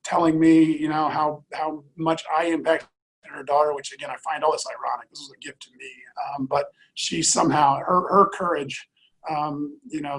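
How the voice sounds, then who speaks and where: A middle-aged man, an airline executive, telling a personal story in an interview in an earnest, halting way with many fillers and restarts. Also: a little high, vocal fry, a bit bright, slightly rough, poor audio.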